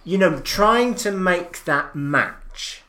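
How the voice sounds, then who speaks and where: A man's voice: high-pitched, expressive, very slow, pushed and bright. A man hosting a podcast interview, chatty and affirming, laughing easily as he asks questions. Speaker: podcast host.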